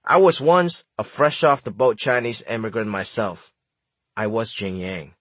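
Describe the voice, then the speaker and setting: A man's voice: lowish voice, expressive, measured pace, fairly bright tone, dry recording. A man from Hong Kong reading his own memoir aloud in a wry, comic storytelling manner. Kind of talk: audiobook narration.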